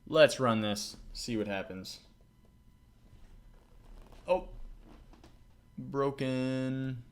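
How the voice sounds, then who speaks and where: Speaking extremely slowly in a clear, resonant, mid-range voice, a man hosts a laid-back coding tutorial. He talks to himself while working and gets loudly excited, laughing, whenever the code runs.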